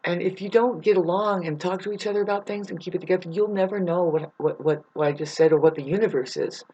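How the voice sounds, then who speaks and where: A woman's voice: lowish voice, fast, mellow, breathy edge. A woman in a rambling, profane spiritual monologue, laughing often as she talks. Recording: muffled lo-fi recording.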